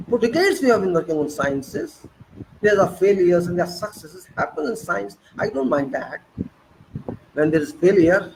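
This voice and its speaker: A man with an Indian English accent speaks in a fairly high voice, delivering an impassioned monologue full of indignant rhetorical questions and sarcastic jabs. A faint hiss of noise sits under the recording. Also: expressive, moderate pace, poor audio. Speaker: political commentator.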